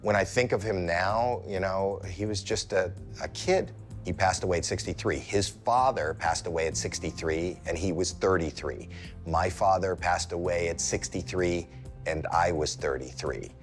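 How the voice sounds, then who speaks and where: A celebrity guest in his sixties shares a story in a casual chat at normal speed, with faint music in the background. His timing is comically lively, and he shifts into high-pitched yelps to act out what happened.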